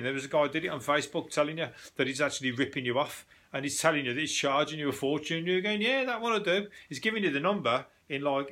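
A British man hosting a casual news podcast, ranting and joking in an animated, sweary way with laughing asides. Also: fairly high pitch. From Britain. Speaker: podcast host.

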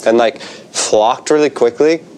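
A man's voice: medium pitch, a little slow, a little mellow, clean tone. A young man co-hosting a podcast, chatting casually in a laid-back way with surfer slang and lots of swearing. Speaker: podcast co-host. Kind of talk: casual chat.

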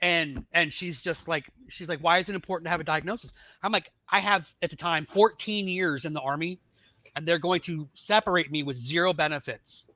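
A middle-aged man telling his life story in a casual podcast chat, acting out the dialogue of the people in it with animated voices. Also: a little high, brisk, no room sound. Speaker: podcast guest.

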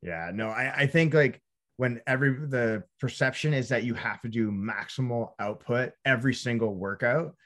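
A man who works as a personal trainer, hosting a podcast in casual, profane, halting chat. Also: mid-range voice, a bit bright.

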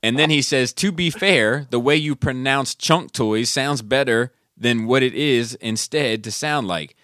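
A man's voice: medium pitch, a little slow, a bit bright, no echo, studio quality. A man co-hosting a podcast, reading listener messages in a casual, laid-back way and swearing freely. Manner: laid-back, profane, laughs at his own stories.

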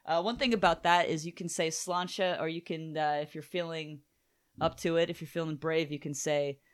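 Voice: mid-range voice, fairly even intonation, moderate pace, smooth. A podcast co-host in a casual chat about a comic book, retelling scenes with voices and casual swearing.

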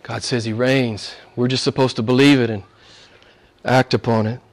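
A man preaching a sermon as pastor, swinging from loud declarations to hushed near-whispers and repeating phrases for emphasis. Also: mid-range voice, steady tone, moderate pace.

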